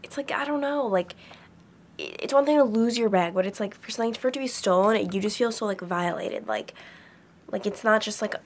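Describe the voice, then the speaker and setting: Talking fairly quickly in a mid-range voice, a young woman tells a chatty story from her dorm bedroom for her vlog. She rambles casually and leans heavily on the word "like."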